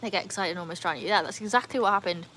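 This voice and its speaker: A woman's voice: mid-range voice, racing, pushed and bright, poor audio. Woman, casual livestream host, chatty, light background hiss. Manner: chatty, reads out viewer comments. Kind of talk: casual live-stream chat. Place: home, beside a backyard pool.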